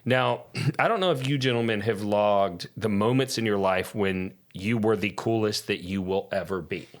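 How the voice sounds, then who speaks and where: A man who is a podcast guest, telling a long anecdote in casual, lively style and cursing freely. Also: lowish voice, normal speed. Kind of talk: casual storytelling.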